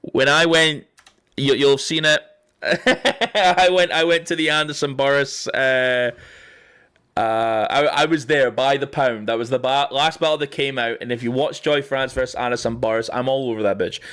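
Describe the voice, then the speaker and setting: A man's voice: medium pitch, fairly even intonation, moderate pace, pushed and bright, smooth. A man hosting a casual livestream, rambling and swearing often, laughing as he talks. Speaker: livestream host.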